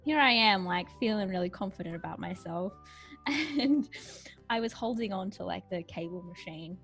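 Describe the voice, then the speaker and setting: A woman's voice: mid-range voice, expressive, moderate pace, vocal fry, a bit bright, faint music behind. A young woman co-hosting a podcast, telling stories in a chatty, self-mocking way and laughing often. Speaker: podcast co-host. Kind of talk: casual chat.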